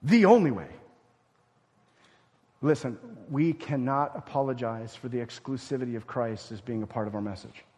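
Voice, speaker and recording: A man preaching a sermon as pastor, swinging from loud emphatic lines to hushed, near-whispered ones. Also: mid-range voice, moderate pace, husky, in a large hall.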